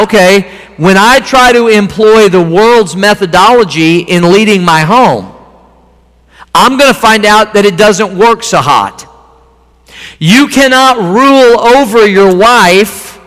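A man's voice: high voice, a bit bright. A man preaching a sermon in a folksy, conversational way, repeating phrases as he teaches from a handout. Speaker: pastor. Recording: long hall reverb.

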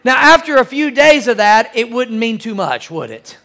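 High-pitched guy preaching a sermon, asks the church for amens, repeats lines for punch. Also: sing-song, normal speed. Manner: addresses congregation directly, calls for amens; repeats phrases for emphasis, varies loudness. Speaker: pastor.

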